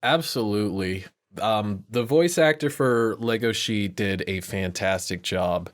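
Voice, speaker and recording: A man's voice: fairly low pitch, measured pace. A man co-hosting a podcast in casual chat, thoughtful and hedging as he works through his points. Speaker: podcast co-host.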